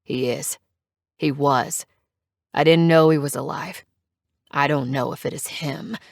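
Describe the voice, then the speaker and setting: A woman's voice: deep voice, steady tone, a little slow, vocal fry, no echo, studio quality. A woman doing a protective, dangerous biker man. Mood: intense. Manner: intense, firm. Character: protective, dangerous male biker, intense lover.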